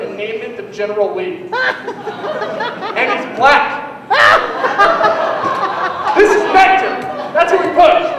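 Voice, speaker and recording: Young male comic, high voice, rambling self-deprecating delivery; roomy hall, distant mic. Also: fairly bright tone, slight background noise. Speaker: stand-up comedian. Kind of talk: stand-up routine. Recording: echoey hall, mic heard from afar.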